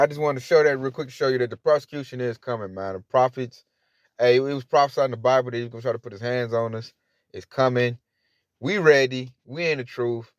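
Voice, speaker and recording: Speaking in a mid-range voice with a Southern US accent, this Hebrew Israelite preacher keeps his religious talk casual and full of slang, acting out the voices he quotes. There is no room sound; the audio is dry, dull and lo-fi.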